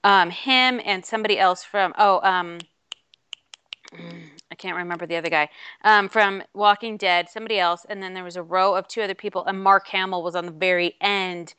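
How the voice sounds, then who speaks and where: Bright, crisp-voiced chatty woman. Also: lowish voice, steady tone, moderate pace, no room sound. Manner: rambling, chatty storytelling with many fillers. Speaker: podcast co-host. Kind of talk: casual chat.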